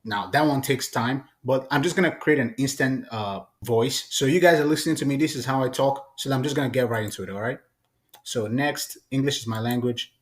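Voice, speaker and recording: A man hosting a casual, chatty software tutorial. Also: medium pitch, fairly quick. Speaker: tutorial host.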